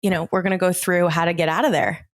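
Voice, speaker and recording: Low, dry-voiced woman podcast host. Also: fairly even intonation, dry recording. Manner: brisk and playful, swearing freely. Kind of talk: casual podcast chat.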